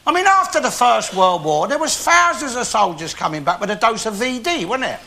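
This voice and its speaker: An actor playing a cantankerous old working-class Londoner, grumbling and swearing through a stand-up monologue to a live audience. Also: male voice, high-pitched, very animated, brisk, creaky, heavily acted. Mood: ranting. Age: 70s. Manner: grumbling, ranting, swears often. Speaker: comedian in character. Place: theatre stage. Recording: live TV show with loud audience laughter.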